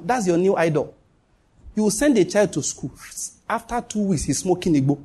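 A man's voice: high voice, animated, brisk, darkish tone, slightly rough. A man preaching a sermon as pastor, emphatic, repeating key lines and dropping joking asides.

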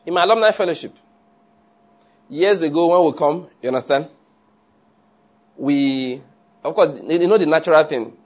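Preacher guy, kinda high husky voice, chatty sermon, keeps asking do you get my point. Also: normal speed, long pauses. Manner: conversational, keeps checking listeners follow.

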